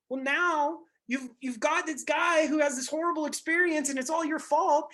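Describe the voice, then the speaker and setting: A blunt male real estate coach talking to his group over a video call. He gets animated, acts out little scenes and swears freely. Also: extremely high pitch, moderate pace, hardly any pauses.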